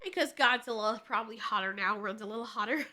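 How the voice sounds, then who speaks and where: Excitable high-voiced woman breaking down a trailer. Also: quick pace, heavy background noise. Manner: excitable, jokey, profane. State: stuffy nose. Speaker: trailer reviewer. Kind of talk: casual trailer analysis.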